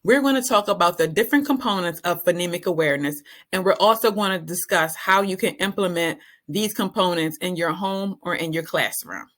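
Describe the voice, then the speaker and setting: A woman's voice: fairly low pitch, fairly bright tone. A woman teacher giving a reading-skills training talk, patiently sounding out letter sounds. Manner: clear, patient, sounding out phonemes slowly.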